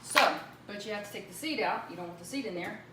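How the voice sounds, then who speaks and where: A woman talks through a recipe in her home kitchen, chatty and rambling, full of fillers and side remarks. Her voice sits at a middle pitch. The room is echoey, she stands away from the mic, and background noise runs loud. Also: lively intonation, fast talker, distant mic. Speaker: home cook demonstrating a recipe. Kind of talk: casual cooking demo. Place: home kitchen with running water.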